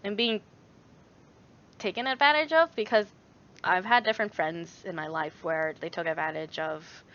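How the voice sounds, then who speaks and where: A young woman talks through a relaxed livestream chat, circling her thoughts with fillers and stopping to read viewer messages. Her voice is bright and forward. The audio sounds a little dull and lo-fi. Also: on the low side, normal speed. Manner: rambling, many fillers, reads viewer messages aloud. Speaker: YouTuber answering chat.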